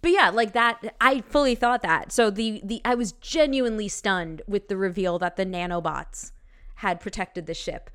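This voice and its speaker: Smooth-voiced chatty woman podcaster. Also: mid-range voice, normal speed. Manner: chatty, excitable, swears casually. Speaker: podcast co-host. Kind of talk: casual movie review chat.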